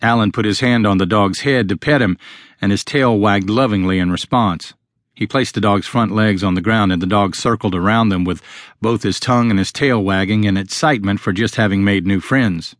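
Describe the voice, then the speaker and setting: A man narrating a novel as an audiobook, reading steadily and in a measured way. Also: fairly low pitch, dry recording, studio quality. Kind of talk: scripted narration.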